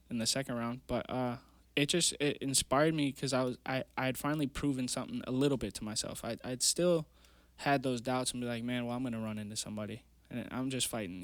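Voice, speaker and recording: A young man in his twenties talks as a podcast guest, earnest and rambling, leaning on lots of fillers as he tells his story. His voice sits at an everyday middle pitch. The sound is close and dry, with no room around it. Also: no echo. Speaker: guest, amateur MMA fighter. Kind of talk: casual storytelling interview. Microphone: podcast mic.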